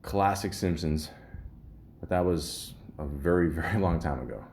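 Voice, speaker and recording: A man's voice: low-pitched, normal speed, a little mellow, slight background noise. A Canadian man hosting a podcast, telling stories in a rambling, casual monologue with many ums and restarts. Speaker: podcast host.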